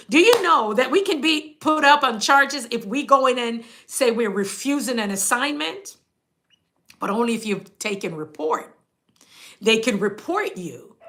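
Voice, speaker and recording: Jamaican nurse host, middle-aged woman, bright tense tone, slightly high, chatty storyteller who laughs a lot. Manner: chatty, laughs often, quotes people. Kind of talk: casual storytelling monologue.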